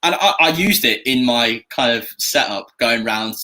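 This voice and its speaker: A man's voice: medium pitch, animated, a little slow, sharp tone. A man chatting casually as a guest actor, playful and storytelling. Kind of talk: casual chat.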